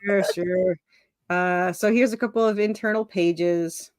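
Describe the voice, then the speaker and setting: A woman with a fairly low voice and fairly even intonation talks a little slowly as a guest on a casual video call, recorded cleanly in a studio with no room sound. An indie comic creator, she rambles with many fillers and restarts and pokes fun at herself with laughter.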